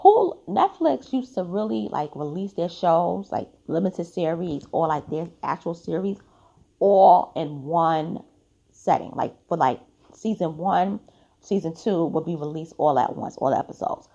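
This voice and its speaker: A woman's voice: fairly low pitch, animated, measured pace, vocal fry, mellow, highs cut off. A woman hosting her own podcast, giving blunt, chatty opinions full of "like" fillers, sounding tired. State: tired, yawning. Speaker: podcast host. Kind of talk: casual opinion commentary.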